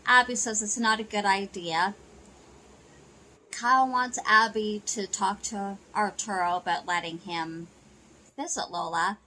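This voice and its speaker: A woman's voice: mid-range voice, fairly even intonation, a little slow, sharp tone, rough recording. A woman casually retelling a soap opera episode, chatty and loose with "you know" and "she goes". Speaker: soap opera recap narrator. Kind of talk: casual plot recap narration.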